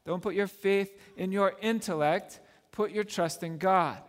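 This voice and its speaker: Male pastor, slightly high voice, preaching in a church with long reverb. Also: measured pace. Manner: animated, swinging between loud emphatic lines and soft hushed asides. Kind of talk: sermon.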